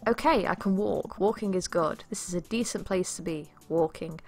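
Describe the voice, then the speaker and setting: A woman streamer playing a dating game, reading the story aloud and reacting with quick laughs and chatty asides. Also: lowish voice, darkish tone. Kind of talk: let's play commentary with read-aloud game text.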